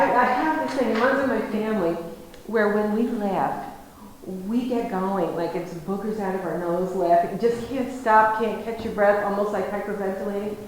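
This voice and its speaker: A woman giving a storytelling lecture, her voice ringing around a very echoey room with a faint hiss of noise underneath. She talks in a lively, animated way, acting out conversations and laughing easily. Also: mid-range voice, moderate pace.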